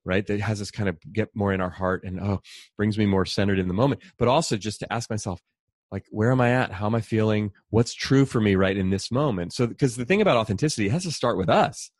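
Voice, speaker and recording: Fast-talking man, low dry voice. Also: no room sound. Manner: animated, fast, acts out quoted voices. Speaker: author and speaker. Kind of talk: conversational storytelling.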